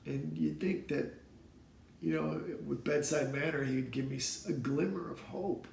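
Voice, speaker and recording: Gravelly man telling his story in an echoey room. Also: a little high, steady tone, darkish tone, a little hiss or hum. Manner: earnest, emotional, halting with repeated words. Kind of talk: personal storytelling to camera. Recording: roomy echo.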